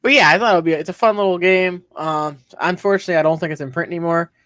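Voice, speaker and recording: A man's voice: fairly high pitch, very fast, bright, forceful tone, no room sound. Male co-host, laid-back explainer, reads text aloud; dry close recording. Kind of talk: casual chat.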